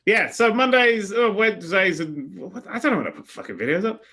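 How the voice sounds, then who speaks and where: A man who is a guest on a podcast, chatting in a rambling, animated way and swearing. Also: high-pitched, fairly quick, husky. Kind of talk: casual podcast chat.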